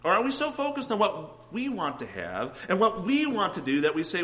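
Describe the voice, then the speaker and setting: A man's voice: high-pitched, wildly swooping pitch, normal speed, a bit bright, rough recording. A man preaching a sermon, earnestly putting questions to his listeners. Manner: earnest, asks the congregation questions.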